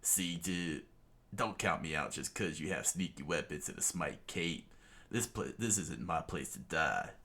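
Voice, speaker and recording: A man's voice: sits low, lively intonation, measured pace, bright, forceful tone, full character voice. A man voicing a cocky young male pirate who talks casually and says dude. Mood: defiant.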